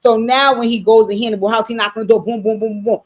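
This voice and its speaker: A woman recapping a TV episode on a livestream, telling it in casual, animated, profane style and acting out the characters' lines. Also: a little high, fast, muffled recording. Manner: animated, profane storytelling with acted-out quotes. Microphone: streaming setup mic.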